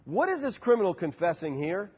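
Man preaching, high voice, swoops up and down a lot, husky tone, muffled church-hall recording. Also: fairly quick. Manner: animated preaching with sharp rises and drops in pitch; asks the congregation questions. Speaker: pastor. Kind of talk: sermon.

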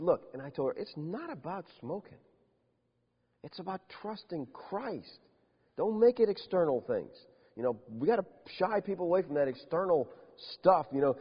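A man pastor preaching a sermon, swinging between loud emphatic declarations and quiet asides. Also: on the high side, slightly rough, big-room sound, lo-fi sound.

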